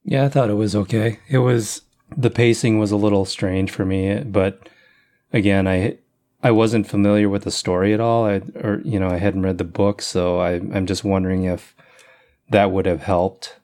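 A man on a casual movie podcast giving measured, somewhat hesitant opinions. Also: lowish voice, steady tone, warm tone. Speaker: podcast co-host. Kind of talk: casual movie-review chat.

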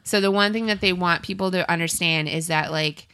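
A woman co-hosting a podcast, with a lowish but bright voice. She talks in a hesitant way and fills it with likes and ums. The sound is dry and close. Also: fairly quick, smooth, no room sound. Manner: chatty, hesitant, full of fillers. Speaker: podcast co-host. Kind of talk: casual chat.

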